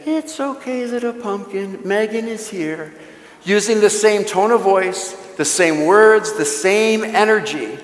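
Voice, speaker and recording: High-voiced man speaking in an echoing church. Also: a bit bright. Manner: storytelling with joking asides to the audience. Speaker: guest speaker at a parish mission. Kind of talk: conversational talk at a church mission. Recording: echoey church with long reverb.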